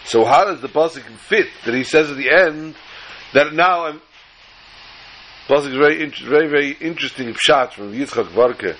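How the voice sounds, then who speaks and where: A man's voice: a little high, moderate pace, fairly bright tone, slight background noise, rough recording. A man, a rabbi giving a Torah class online, telling a story and weaving Hebrew and Yiddish words into his English. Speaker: rabbi teaching on the weekly Torah portion.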